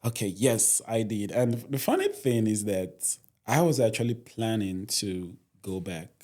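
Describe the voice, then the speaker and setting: A man's voice: fairly low pitch, big pitch swings, measured pace, dark tone. A young man, a podcast guest telling his story earnestly, often adding "you know". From Nigeria. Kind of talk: casual interview storytelling.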